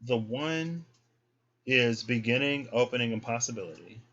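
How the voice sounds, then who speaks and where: A man's voice: medium pitch, lively intonation, moderate pace, fairly bright tone, dull audio. A man giving a casual, chatty tarot reading to his viewers. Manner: chatty, folksy, talks to viewers as y'all. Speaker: tarot reader.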